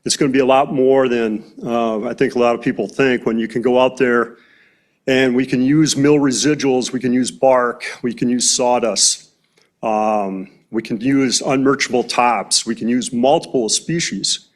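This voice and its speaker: A man's voice: medium pitch, steady tone, normal speed. A man, president of a forestry company, speaking plainly at a county board meeting with frequent hesitations. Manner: plain-spoken, many "uh" fillers.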